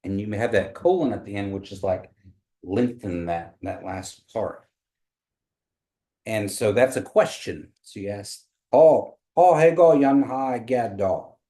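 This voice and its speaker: A man from Oklahoma teaching a small language class, patiently explaining pronunciation and repeating phrases slowly. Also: on the low side, a little mellow, rough recording. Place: meeting room with a small class.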